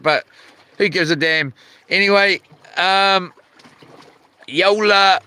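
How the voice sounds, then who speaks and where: Bright-voiced New Zealand man reading chat. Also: sits high, smooth. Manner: rambling, reads chat aloud with many fillers and restarts. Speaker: live-stream host. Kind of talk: casual live-stream chat reading comments. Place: outdoors by the sea while fishing.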